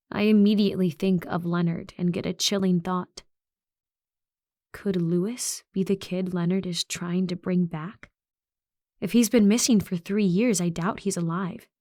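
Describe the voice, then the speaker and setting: A woman with a lowish voice narrating a young adult horror audiobook in the first person. Her telling is even and reflective, steady from line to line. The recording is dry and close, with no room around her. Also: unhurried, no room sound.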